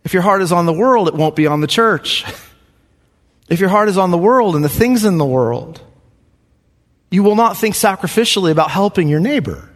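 A man's voice: high-pitched, expressive, normal speed, big-room sound. A man preaching a sermon. He talks earnestly and repeats questions for emphasis. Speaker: pastor.

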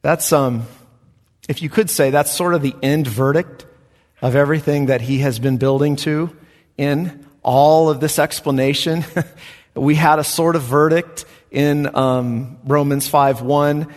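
A man, a pastor, preaching an emphatic expository sermon with soft chuckles. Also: fairly high pitch, steady tone, a little slow. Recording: reverberant hall.

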